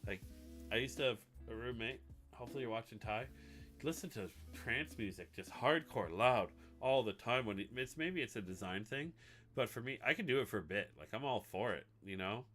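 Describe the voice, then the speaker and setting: A man's voice: mid-range voice, expressive, fairly quick. A man chatting casually and rambling while he builds a website on a live stream, swearing now and then. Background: music playing.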